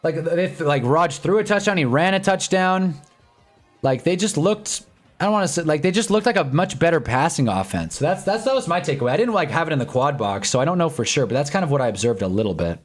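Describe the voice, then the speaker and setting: Excitable young man streaming football. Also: a little high, fast talker, soft background music. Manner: excitable, swings from mumbling to shouting at plays. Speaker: live stream host. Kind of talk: casual live sports watch-along chat.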